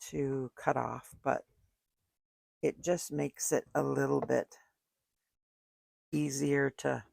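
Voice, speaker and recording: An older woman chats casually while making a card in her home craft room, thinking aloud as she works. Her voice is rumbling and low, steady and slow, with vocal fry and a darkish tone. The desk microphone gives a clean studio sound with no echo.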